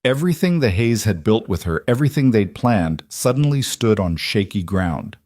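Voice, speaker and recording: This is a frontier story told by a male narrator whose low, steady voice keeps a calm, deliberate pace. The scripted reading sits close to the mic in a dry space without any room sound.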